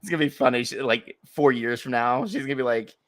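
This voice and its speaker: A man's voice: mid-range voice, fast, no echo. A man co-hosting a podcast who chats casually in an emphatic, profane and sarcastic way. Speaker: podcast co-host. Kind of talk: casual chat.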